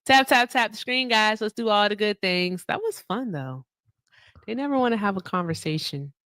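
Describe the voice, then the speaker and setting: A woman's voice: medium pitch, animated, normal speed, fairly bright tone, no room sound. A woman hosting a casual live stream, joking with her audience and laughing often. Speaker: livestream host.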